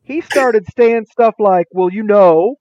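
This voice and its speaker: A man speaking as an interview guest, telling stories with lively acted-out quotes. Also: high voice, takes it slowly, dry recording, dull audio. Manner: lively, acts out quotes with shifting voices. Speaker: interview guest, former teacher and administrator. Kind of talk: animated storytelling.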